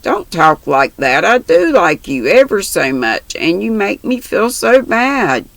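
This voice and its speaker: A woman voicing a gentle, earnest young girl in a storybook reading, speaking soothingly. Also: lowish voice, sing-song, takes it slowly, creaky, dry recording, exaggerated voice. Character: gentle, kind young minister's daughter.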